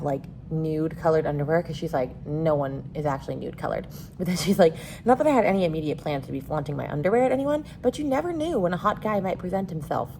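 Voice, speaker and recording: Chatty, animated young woman book vlogger. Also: fairly low pitch, a little hiss or hum. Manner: chatty, animated, swears freely, mock-outraged asides. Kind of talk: casual reading vlog.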